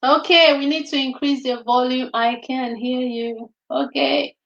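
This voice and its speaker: A woman hosting a children's reading show over a video call, briskly questioning and coaxing the young readers like a teacher. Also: sits high, fairly even intonation, a bit bright, echoey room, lo-fi sound. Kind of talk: casual chat quizzing children.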